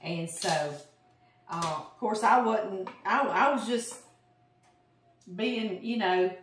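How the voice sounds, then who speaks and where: A woman's voice: mid-range voice, slow pace. Middle-aged Louisiana woman cooking-show host, easygoing storyteller with a dry, sarcastic streak, recorded a few steps from the mic in an echoey kitchen. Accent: Southern US, Louisiana. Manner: chatty, sarcastic humor, animated storyteller. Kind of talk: casual storytelling while cooking. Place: home kitchen. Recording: roomy kitchen, mic at a distance. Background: chopping and kitchen clicks.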